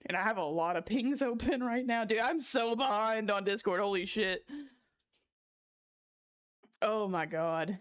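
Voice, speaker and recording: A woman's voice: medium pitch, unhurried, pauses often. A woman livestreaming from a small room at home, chatting casually with viewers, giggling breathlessly and swearing freely between lines.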